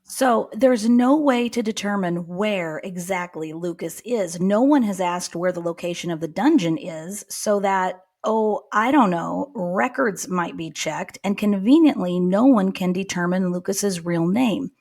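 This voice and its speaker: A woman's voice: medium pitch, measured pace, few pauses, darkish tone. A woman co-hosting a podcast, narrating and chatting in a dry, wry way. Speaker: podcast co-host. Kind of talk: casual comedic chat and narration.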